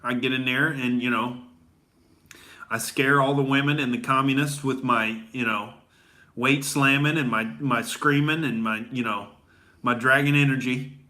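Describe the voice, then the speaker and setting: A man's voice: mid-range voice, steady tone, moderate pace, pushed and bright. A young adult man doing a comedy rant as a boastful gym bro, rambling with lots of "dude" and "all right?". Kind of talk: stand-up style comedy rant.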